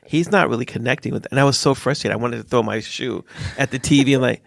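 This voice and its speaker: A father shares stories in casual conversation, an animated storyteller acting out the voices of people he quotes. His medium-pitched voice is fast and gravelly, recorded in clean studio sound with no echo.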